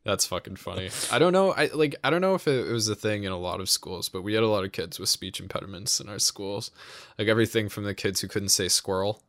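A man's voice: fairly low pitch, fast talker, fairly bright tone, no echo, clean studio sound. A young man in casual chat, rambling with many fillers, laughing often and swearing casually.

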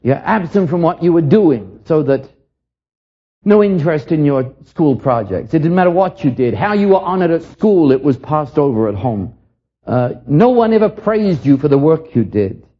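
Older man preaching earnestly, husky voice. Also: on the high side, big pitch swings, moderate pace, highs cut off. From England. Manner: earnest, reflective, repeats words as he starts lines. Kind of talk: sermon.

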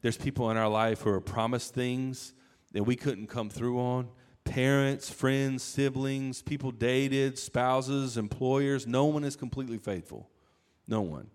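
A man preaching a sermon in a conversational, animated way, acting out quoted lines. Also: mid-range voice, measured pace. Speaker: pastor.

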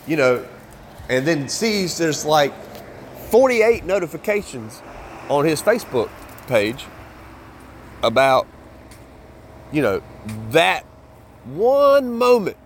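A man in a car rants in a blunt, conversational way, with plenty of swearing and a mid-range voice. Faint road noise hums behind him. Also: medium pitch. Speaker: shooting-sports commentator. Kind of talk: casual ranting monologue.

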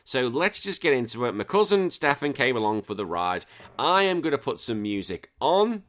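A man's voice: mid-range voice, sing-song, moderate pace, a bit bright. Profane, rambling male podcast host. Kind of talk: casual podcast chat.

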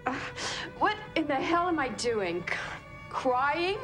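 A tearful young security officer from a TV drama, her voice high and swooping, slow and shaky with embarrassment. A music score runs clearly under her lines. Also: very animated, fairly bright tone, full character voice. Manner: shaky, embarrassed, near tears. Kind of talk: 1980s television drama acting.

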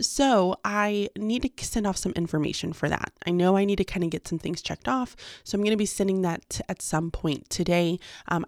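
A woman's voice: fairly low pitch, dry recording, studio quality. A young woman, a teacher and podcaster, chatting casually in a vlog diary with frequent ums and little laughs. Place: home, quiet in the mornings.

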